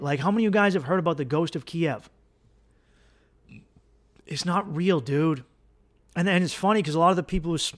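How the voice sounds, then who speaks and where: Profane rambling man, fairly high voice. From United States. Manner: profane, rambling, acts out gang voices in a louder higher pitch. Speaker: podcast host. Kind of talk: casual comedic monologue.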